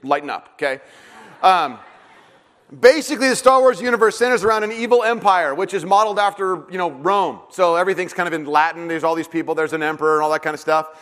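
Male pastor, casual joking sermon delivery with lots of ums and restarts, slightly high voice, long reverb. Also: fast talker, fairly bright tone. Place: church hall.

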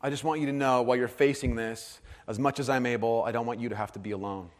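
Earnest pastor preaching in a reverberant hall. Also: male voice, mid-range voice, fast. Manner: earnest, swings from hushed to animated storytelling. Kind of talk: sermon.

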